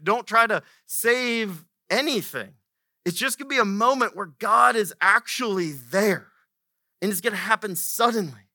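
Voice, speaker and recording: A man's voice: sits high, bright, forceful tone, no echo, studio quality. A man preaching a sermon as a pastor, conversational and emphatic, repeating key phrases for weight.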